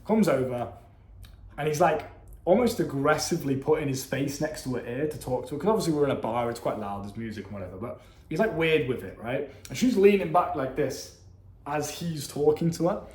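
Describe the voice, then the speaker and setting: A young man telling a story casually, animated, slangy and profane. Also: on the high side, brisk. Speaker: vlogger. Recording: echoey room.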